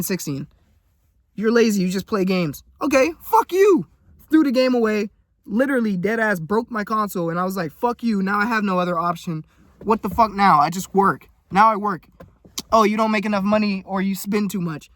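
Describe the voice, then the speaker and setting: A young man ranting to camera in a heated, swearing monologue, his voice jumping higher and louder when riled up. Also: no echo, studio quality. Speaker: vlogger. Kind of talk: profane motivational rant.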